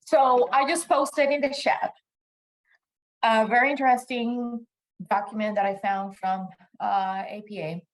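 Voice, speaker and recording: A woman presenting in a casual webinar discussion over a video call, speaking thoughtfully with frequent pauses and fillers. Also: a little high, fairly even intonation, low-quality recording.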